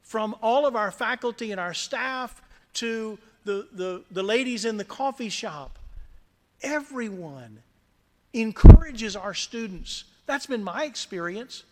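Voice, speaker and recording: A middle-aged man with a South Louisiana accent, giving an earnest, gently humorous prepared speech at a reception. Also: high voice, animated, slow, a little hiss or hum. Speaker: scholarship recipient speaker. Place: large community center hall. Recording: reverberant hall.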